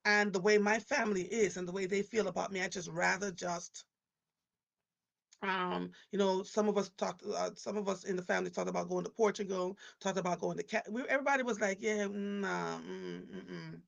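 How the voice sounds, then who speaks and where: A woman in her fifties talks casually to her live-stream audience, her voice rough and gravelly with heavy fry. She rambles from story to story, doubling back and restarting her sentences as she goes. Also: mid-range voice, steady tone, fairly quick. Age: 50s. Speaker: live show host.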